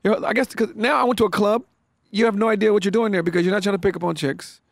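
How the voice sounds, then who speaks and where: Comedian, male, quick animated podcast talk, slightly high voice, dry close mic. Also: vocal fry, dry recording. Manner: fast, animated storyteller. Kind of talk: casual comedic chat.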